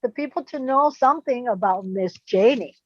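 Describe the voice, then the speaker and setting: A woman guest on a video call interview, warm and effusive, dropping in Spanish words. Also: on the high side, animated, normal speed, lo-fi sound, a little hiss or hum. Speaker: guest influencer.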